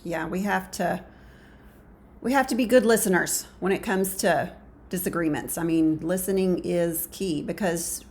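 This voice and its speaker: A woman co-hosting a marriage advice show, agreeable and steady, summing up each point. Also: fairly low pitch, measured pace. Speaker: co-host of a marriage talk show. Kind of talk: casual advice talk.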